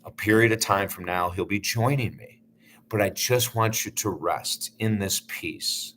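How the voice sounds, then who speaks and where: Man putting on a gentle loving mom, quiet, soft, a bit low. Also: fairly even intonation, normal speed, slight background noise. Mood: gentle, reassuring. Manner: soft, hushed and tender.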